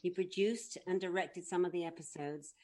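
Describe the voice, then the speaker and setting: Casting: woman, mid pitch, self-deprecating and laughing. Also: fairly even intonation, normal speed, warm tone. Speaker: voice artist. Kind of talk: casual group chat.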